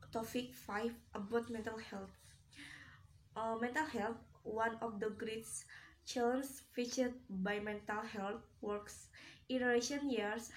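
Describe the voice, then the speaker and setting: A woman's voice: fairly high pitch, a little hiss or hum, poor audio. A woman public health student reads a class presentation aloud, with occasional restarts.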